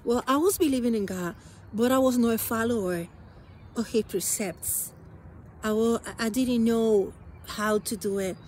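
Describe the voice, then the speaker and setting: A woman's voice: a little high, a little mellow, slight background noise. Earnest woman. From Spanish-speaking country. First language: Spanish. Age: adult. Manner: earnest, halting, emotional storytelling. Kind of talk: personal testimony.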